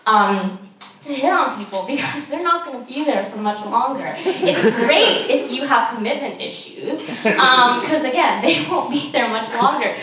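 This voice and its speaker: A woman's voice: sits high, lively intonation, normal speed, a crowd in the background. A young woman from California doing a stand-up comedy set, chatty and self-deprecating with many ums and giggles. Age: young adult. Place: comedy show stage in a room. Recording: very echoey room, picked up from a distance, some noise.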